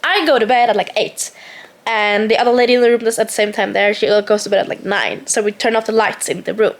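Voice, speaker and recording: Young woman vlogging, high voice, ranting away with lots of "like". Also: fast. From Norway. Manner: animated, exasperated ranting with lots of "like". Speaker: travel vlogger. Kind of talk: casual storytelling to camera.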